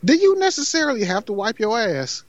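A man co-hosting a podcast, rambling through stories in casual, profane slang. His slightly high voice leaps all over the place in pitch. The recording is close and dry. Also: big pitch swings, a little fast, no room sound, muffled recording. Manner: rambling storyteller, profane slang, laughing often. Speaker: podcast co-host. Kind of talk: casual banter.

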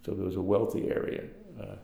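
With a completely flat delivery, an older Brooklyn man speaks quickly in a low, warm voice with vocal fry, telling rambling stories full of fillers in his Brooklyn accent. The oral history interview was recorded in a reverberant space.

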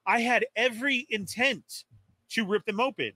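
A man with a high, bright voice tells a story with excitable energy. He is plainly exasperated and acts out the lines he quotes. The sound is dry and close. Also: moderate pace, dry recording. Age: adult. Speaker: toy podcast co-host. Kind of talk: animated storytelling on a live stream.

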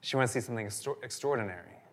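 A man's voice: mid-range voice, very fast. A man preaching a sermon as a pastor, telling stories animatedly and repeating phrases for emphasis. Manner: animated storytelling, repetitive phrasing.

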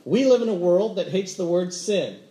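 A man with a bright, high voice preaches a sermon in a roomy, echoing church hall. He tells stories with lively energy and acts out everyday conversations. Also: moderate pace. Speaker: pastor. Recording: roomy echo.

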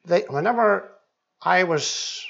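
A man reading scripture, praying and giving his testimony at a church meeting, speaking deliberately and often repeating words as he prays. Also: high voice, gravelly, a bit bright, lo-fi sound, a little hiss or hum. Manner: slow and deliberate, with frequent repeated words in prayer. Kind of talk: Bible reading, prayer and testimony.

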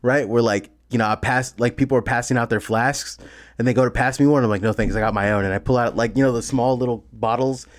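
A man's voice: medium pitch, fast talker. A man co-hosting a podcast in casual chat, telling stories with lots of laughter and acting out the people he quotes. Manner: animated storytelling, laughs often, acts out quotes. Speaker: podcast co-host.

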